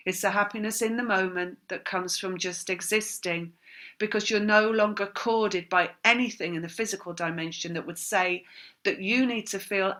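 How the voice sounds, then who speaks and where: A woman's voice: medium pitch, sharp tone. A woman giving a spiritual tarot reading, rambling and repeating words in long chains, apologizing now and then for how she talks. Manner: apologetic, laughs at herself. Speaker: tarot reader.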